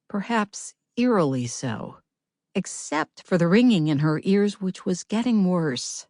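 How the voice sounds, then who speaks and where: A woman narrating a novel as an audiobook reader, in a measured, gentle storytelling manner. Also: sits low, animated, dry recording, studio quality. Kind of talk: scripted narration.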